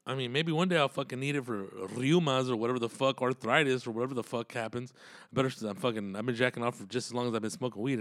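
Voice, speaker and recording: A man's voice: medium pitch, fairly bright tone, no echo, studio quality. A man telling road stories in a casual, profane, rambling monologue and laughing often.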